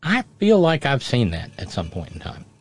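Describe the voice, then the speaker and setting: A man's voice: medium pitch, wildly swooping pitch, moderate pace, breathy edge. A middle-aged man hosting a radio show, telling a family story in a rambling, digressive way. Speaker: radio host. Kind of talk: casual radio monologue.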